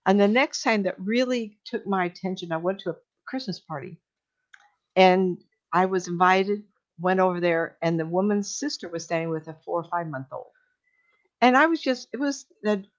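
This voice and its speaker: An older woman, a medium, telling stories in a casual, animated way on a talk show, acting out the voices she quotes and laughing often. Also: mid-range voice. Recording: dull lo-fi sound.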